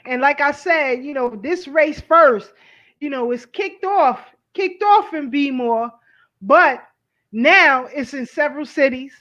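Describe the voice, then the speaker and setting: Urgent female co-host with a high voice on a muffled line. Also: expressive, slow pace, fairly bright tone. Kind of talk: casual commentary.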